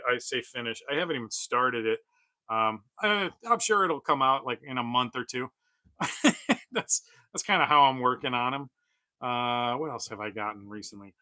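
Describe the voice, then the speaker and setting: Forties male streamer, loose rambling chat with plenty of "uh"s and chuckles, bright, forward voice, dry close sound. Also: medium pitch, dry recording. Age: 40s. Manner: rambling, chuckling, many fillers. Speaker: toy collector streamer. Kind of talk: casual livestream chat.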